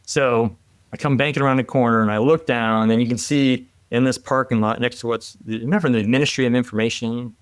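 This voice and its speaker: A middle-aged man, once a military helicopter pilot, recounts his story as a podcast guest. He talks at a mid pitch in an animated, laughing way, often restarting his sentences. The recording is dry, with no room sound. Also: fairly quick, clear, resonant tone, no room sound. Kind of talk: casual storytelling.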